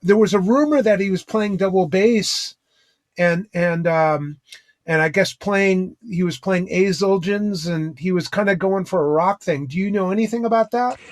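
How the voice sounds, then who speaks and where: A middle-aged man hosting an interview, asking questions and sharing memories haltingly with many ums. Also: high-pitched. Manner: halting, lots of ums and restarts. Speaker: interview host, drum teacher. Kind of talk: casual interview chat.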